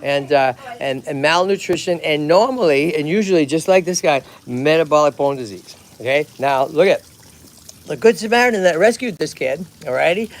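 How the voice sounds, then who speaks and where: Energetic male rescue host, Massachusetts accent, fairly high-pitched, chatty outdoor livestream delivery with constant check-ins. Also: normal speed. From Lowell, Massachusetts. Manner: energetic, chatty, keeps checking in with "okay?" and "right?". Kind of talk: livestream chat. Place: outdoors at a tortoise pond.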